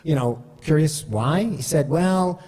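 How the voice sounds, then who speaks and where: A man's voice: medium pitch, expressive, moderate pace, warm tone. Chatty man talking in a reverberant hall. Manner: conversational, frequent fillers and "right?" asides. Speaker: speaker giving a talk. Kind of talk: storytelling presentation.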